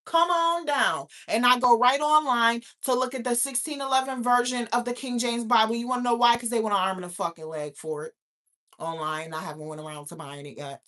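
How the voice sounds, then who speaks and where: A woman hosting a casual livestream, animated and profane, preaching and answering chat comments. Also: on the high side. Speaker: livestream host.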